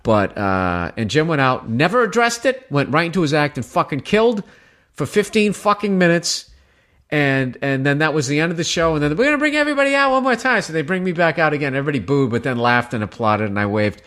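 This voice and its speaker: A man's voice: a little high, a little fast. A male comedian with a Boston accent telling a story on stage in a casual interview, swearing often and acting out crowd voices. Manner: animated, profane, acts out crowd voices. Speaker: guest comedian.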